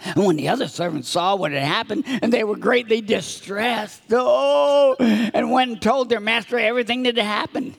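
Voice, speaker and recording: A man's voice: high voice, moderate pace, gravelly, a bit bright. A man giving a children's sermon in a church, telling a story with acted-out voices. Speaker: children's minister. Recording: reverberant hall.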